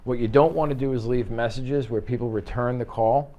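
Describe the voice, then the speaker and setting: A man's voice: medium pitch, fairly even intonation, a little fast, mellow, muffled recording. A man teaching a real estate sales class in an office, acting out phone calls in quoted voices. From United States. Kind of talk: office training talk.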